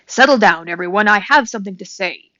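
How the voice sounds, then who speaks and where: A woman voicing a fussy, alarmed male owl who hoots and screeches loudly in a storybook reading. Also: mid-range voice, expressive, a little fast, no room sound. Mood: announcing. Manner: loud, hooting and screechy. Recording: dull dry recording.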